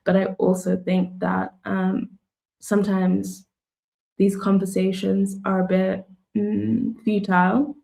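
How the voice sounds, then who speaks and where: A woman in casual conversation who speaks thoughtfully and hesitantly, with many pauses and fillers. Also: mid-range voice, little pitch movement, creaky, warm tone. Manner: thoughtful, hesitant, full of ums and likes.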